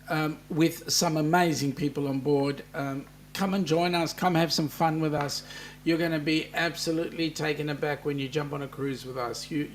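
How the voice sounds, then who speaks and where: A man's voice: a little high, fairly bright tone, a little hiss or hum. An Australian man hosting a casual live chat, reading out viewer comments with lots of ums. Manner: chatty, many ums, reads viewer comments aloud.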